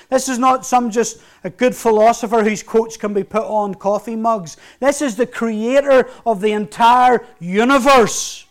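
A male pastor delivers a sermon in a notably high voice. He drives his points with rising emphasis, then drops to hushed, slower phrases.

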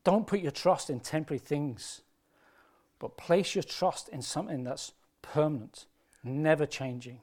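A man preaching a sermon with passion, moving between hushed, emotional storytelling and loud, rising appeals. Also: a little high, a little slow. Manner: impassioned, swinging from hushed to loud.

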